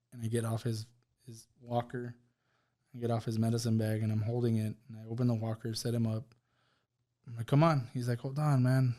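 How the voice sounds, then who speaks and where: As a podcast guest, a man shares a personal testimony about a loss, telling it with emotion and acting out what each person said. His voice is medium-pitched and warm.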